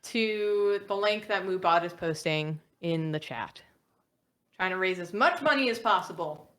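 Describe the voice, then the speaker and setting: A woman's voice: fairly low pitch, expressive, unhurried, a bit bright. A woman co-hosting a charity game stream, chatting in an upbeat way and describing a character. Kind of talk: casual chat.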